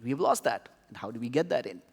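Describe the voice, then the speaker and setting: A man's voice: medium pitch, sing-song, creaky, breathy edge. Reflective man speaking in a large hall. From India. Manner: storytelling, reflective, measured. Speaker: panel speaker. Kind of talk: conference talk. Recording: reverberant hall.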